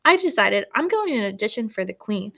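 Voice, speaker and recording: A woman's voice: a little high, sing-song, a little fast, vocal fry, bright, forceful tone, exaggerated voice. A woman voicing a dramatic, theater-loving girl who sounds impatient and a bit whiny, in a storybook reading.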